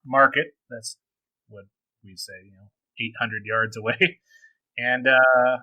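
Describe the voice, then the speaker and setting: A man's voice: mid-range voice, steady tone, slow, sharp tone, dry recording, lo-fi sound. A man co-hosting a podcast in casual chat, rambling and hesitating with many ums. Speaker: podcast co-host.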